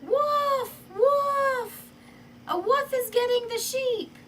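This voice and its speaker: A woman voicing a mischievous young shepherd boy who shouts in a shrill, high voice. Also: sing-song, a little slow. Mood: yelling. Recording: distant mic, faint background noise.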